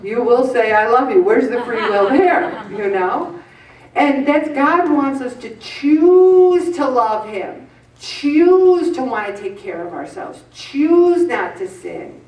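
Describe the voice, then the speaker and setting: A woman's voice: sits high, animated, slow, darkish tone. A woman in her fifties giving a preachy motivational talk to a group, earnest, with humorous asides. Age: 50s. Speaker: weight-loss group leader. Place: meeting room with an audience. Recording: echoey room, voice from a distance.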